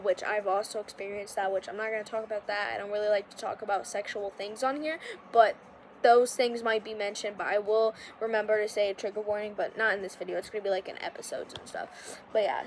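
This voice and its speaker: A woman's voice: mid-range voice, a little hiss or hum. A young woman hosting a podcast, talking casually and rambling with lots of filler words and restarts. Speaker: podcast host. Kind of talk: casual confessional monologue.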